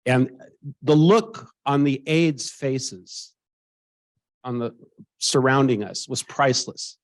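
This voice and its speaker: A man's voice: mid-range voice, slow, no echo. Older American man telling a story. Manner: animated, acts out quoted voices. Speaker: interviewee. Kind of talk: storytelling anecdote.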